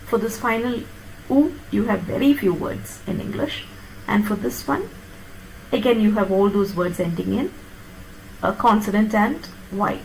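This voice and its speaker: A woman lecturing on phonetics, explaining step by step and checking that her students follow with quick tag questions. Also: fairly high pitch, gravelly, slight background noise, poor audio. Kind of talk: classroom lecture on pronunciation.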